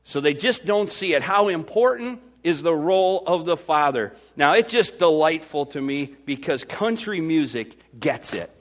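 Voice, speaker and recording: A Midwestern American man preaching a sermon as pastor, swinging from loud to hushed. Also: a little high, expressive, moderate pace, hardly any pauses.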